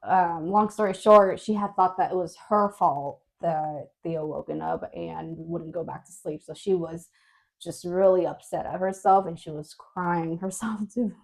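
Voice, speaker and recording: A woman co-hosting a podcast, telling a story in casual chat, animated and laughing often. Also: lowish voice, a little slow. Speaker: podcast co-host.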